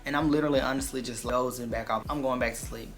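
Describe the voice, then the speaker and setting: A man vlogger telling a dramatic personal story in an animated, profane, emphatic way. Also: medium pitch, quick pace, faint music behind. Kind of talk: storytime vlog.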